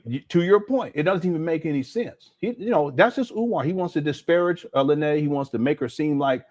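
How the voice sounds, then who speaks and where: A man hosting a casual livestream, reading viewer messages and commenting with animated, incredulous energy and many fillers. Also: mid-range voice. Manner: animated, incredulous, talks to chat, frequent fillers. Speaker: livestream host reading super chats.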